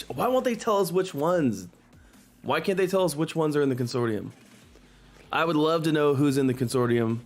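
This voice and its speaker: Speaking into a desk microphone, a man hosts a live stock market stream in a mid-range voice. He sounds excited and exasperated by turns, repeating himself and swearing.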